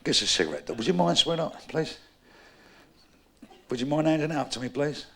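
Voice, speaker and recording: A middle-aged man telling stand-up jokes on a live stage, rowdy and shouting out sound-effect punchlines. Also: a little high, very animated, a little fast, creaky. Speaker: stand-up comedian. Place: live stage before an audience.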